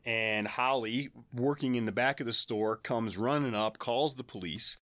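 A man's voice: medium pitch, measured pace, hardly any pauses, fairly bright tone, dry recording. A man in his forties on a podcast, telling a personal story candidly and conversationally, with a laugh now and then.

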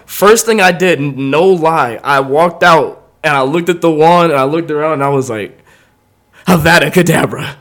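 A man's voice: a little high, moderate pace, few pauses. Laughing young man telling a wild story. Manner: animated, laughing often, acts out quoted voices. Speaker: podcast host. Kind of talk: casual comedic storytelling.

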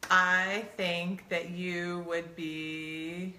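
A middle-aged woman chats through a couples guessing game, playful and quick to laugh. Her voice sits a little low yet sounds bright and forward. The room around her is echoey, with a faint hiss underneath. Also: flat delivery. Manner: giggly, playful, teasing. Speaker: co-host playing a couples quiz game. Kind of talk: casual chat.

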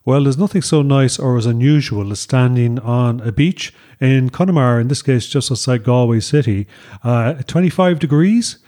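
A man's voice: medium pitch, moderate pace, mellow. A man talks easily through a travel chat, speaking straight to his listeners. He is recorded outdoors on a beach, and his delivery stays loose and conversational. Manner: chatty, addresses listeners as folks. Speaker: travel show co-host.

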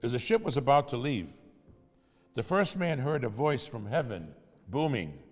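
A man's voice: mid-range voice, sing-song, moderate pace, long reverb tail. A man preaching in storytelling style, conversational and asking his audience questions. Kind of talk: sermon storytelling.

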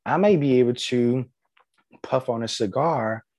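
A man's voice: medium pitch, a little slow, a little mellow, no echo. Chatty male podcast host, dry sound. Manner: conversational, filler-heavy, encouraging. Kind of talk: casual solo podcast talk.

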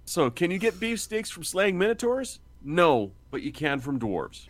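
Man, lively pitch swings, slightly high voice, laughing, swearing, storytelling chat. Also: unhurried. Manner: animated, laughing, swearing, acting out quotes.

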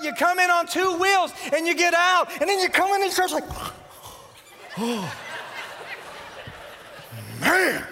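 A man in his forties preaching a sermon, telling animated stories and acting out scenes. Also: extremely high pitch, brisk, few pauses, slight background noise. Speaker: pastor. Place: large church worship center. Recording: long hall reverb.

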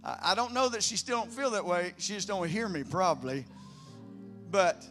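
A man, preaching a sermon emphatically, moving between loud declarations and quiet storytelling. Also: sits high, lively intonation, fairly quick, soft background music. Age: 50s. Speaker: pastor.

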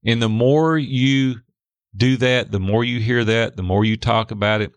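A middle-aged man telling a candid, animated personal story as a guest in a faith-based talk. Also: mid-range voice, measured pace, clean tone, no room sound. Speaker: podcast guest.

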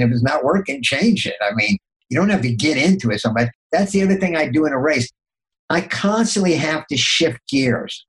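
An older man, a consultant and podcast guest, telling motivational stories in a lively way, often restarting and repeating words. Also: low-quality recording. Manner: animated, acts out inner dialogue with jumps in pitch. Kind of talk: motivational storytelling.

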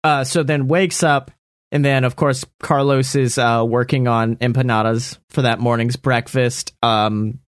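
A man's voice: medium pitch, steady tone, a little slow. Rambling man improvising a story. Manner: rambling, laughing, swears often. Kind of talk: casual improvised story brainstorming.

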